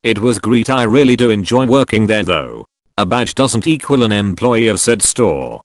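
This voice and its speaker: A text-to-speech man reads online posts in a steady, scripted delivery. His pitch sits low but rises and falls a lot. The sound is dry and close. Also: normal speed, dry recording. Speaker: narrator reading online posts. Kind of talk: scripted narration.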